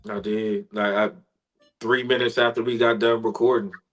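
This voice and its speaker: Guy guest, spoken word artist, mid pitched voice, earnest and heartfelt, drops soft when it gets emotional. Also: little pitch movement, moderate pace, faint music behind, low-quality recording. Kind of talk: emotional personal storytelling in an interview.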